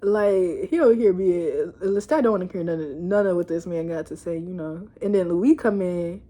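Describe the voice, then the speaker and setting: A young woman giving a casual, animated recap of a TV episode, laughing and cursing as she tells it. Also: lowish voice, normal speed. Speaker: show reviewer. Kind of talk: casual chat video review.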